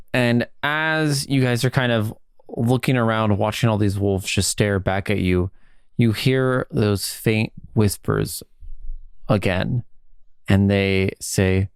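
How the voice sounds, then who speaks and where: A man narrating a tabletop game as game master in a calm, unhurried way. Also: medium pitch, clear, resonant tone, no room sound, clean studio sound.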